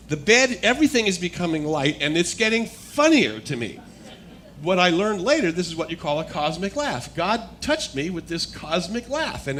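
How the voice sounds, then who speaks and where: A man speaking as a guest speaker, telling a personal testimony in a storytelling manner that builds to animated excitement. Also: a little high, a little hiss or hum.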